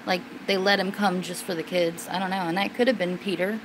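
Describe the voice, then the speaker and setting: A woman hosting a casual question-and-answer stream, rambling with many fillers and restarts, and at times suddenly getting excited and loud. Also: lowish voice, brisk, noisy background. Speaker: livestream host answering viewers. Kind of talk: casual chat.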